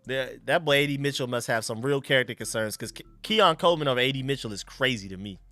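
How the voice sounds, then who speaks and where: A young man hosting a casual live stream, chatting excitedly and thanking donors. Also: mid-range voice, quick pace, faint music behind.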